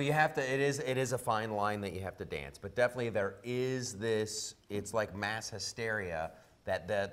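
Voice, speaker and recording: A man from Ohio, a comedian and talk show host, talking in a loud, joking, animated way as a guest in a casual interview. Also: fairly low pitch. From Ohio, USA.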